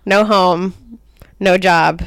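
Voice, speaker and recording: A woman's voice: on the low side, fairly even intonation, extremely slow, fairly bright tone, clear, resonant tone, dry recording. A woman co-hosting a comedy podcast, telling a history story in casual chat, full of "like" and "um". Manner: chatty storytelling with lots of "like" and "um". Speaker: podcast co-host.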